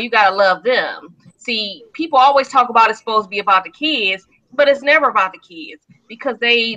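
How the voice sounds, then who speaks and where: A woman's voice: fairly high pitch, bright, forceful tone. A woman hosting a casual discussion, blunt and outspoken in an indignant tone. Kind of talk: casual chat. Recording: dull lo-fi sound.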